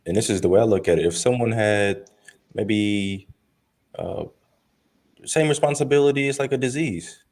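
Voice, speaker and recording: A man with a somewhat low voice speaks earnestly as a podcast guest. He talks at a measured pace and slips into quoted voices to make his point. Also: darkish tone. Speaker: interview guest. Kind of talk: conversational podcast interview.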